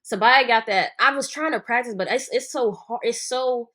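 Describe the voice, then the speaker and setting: A woman guest co-host in a casual recap chat, playful and lively, with plenty of agreeing murmurs. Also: a little high, normal speed.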